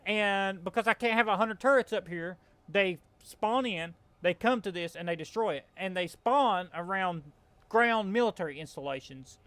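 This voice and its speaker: High-voiced Southern man grumbling over gameplay. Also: moderate pace, bright, forceful tone, no room sound. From American South. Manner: frustrated, rambling, self-correcting. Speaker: gaming channel host. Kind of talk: casual gameplay commentary.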